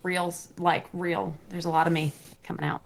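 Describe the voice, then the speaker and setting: A woman's voice: fairly low pitch, flat delivery, gravelly. A woman playing a tabletop game, talking in character in a playful, flamboyant way. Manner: playful, flamboyant, drawn-out phrasing. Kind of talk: in-character role-play chat.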